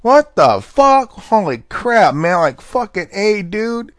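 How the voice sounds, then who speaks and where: A man's voice: sits high, very animated, slow, no room sound, studio quality. A man rambling through a casual monologue, laid-back and profane, full of slang and fillers. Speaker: podcast host.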